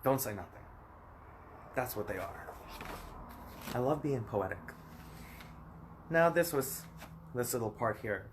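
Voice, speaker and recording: Casting: American man, 30s, rambling phone vlog, plain middle pitch, speaks straight to camera. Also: expressive, slow pace, pauses often, noisy background. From United States. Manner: rambling, emphatic, talks straight at the viewer. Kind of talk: personal vlog monologue.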